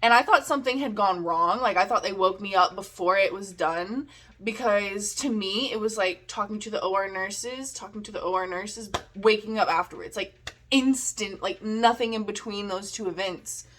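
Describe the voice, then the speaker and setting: A woman's voice: medium pitch, normal speed, fairly bright tone. A young adult woman telling a personal story in a casual vlog, chatty and giggly, with lots of "like" and self-mocking asides. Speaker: vlogger.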